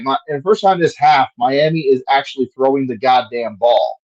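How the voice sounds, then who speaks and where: A man's voice: mid-range voice, normal speed, a little mellow, dull audio. A man giving casual play-by-play commentary on a fan livestream, profane and frustrated, ranting between plays.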